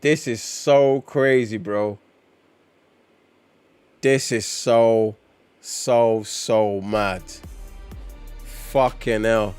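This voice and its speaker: A man reacting excitedly to comics on a live stream, exclaiming and swearing often in slangy talk. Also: lowish voice, very slow, pauses often, smooth, faint music behind.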